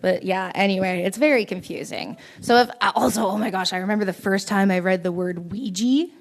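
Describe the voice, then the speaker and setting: A young woman performs stand-up at a small open mic night, her voice sitting at an ordinary middle pitch. She wanders through her stories in a rambling, self-deprecating way and giggles as she goes. Her voice is picked up by a stage mic in a small room. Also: a little fast. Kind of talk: stand-up comedy set.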